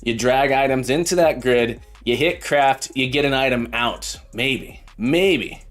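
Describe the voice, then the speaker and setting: A man's voice: mid-range voice, a little slow, a bit bright. A middle-aged man hosting a casual live coding stream as a programming teacher, playful and punning, often repeating his phrases. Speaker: livestream host and programming teacher. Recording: faint background music.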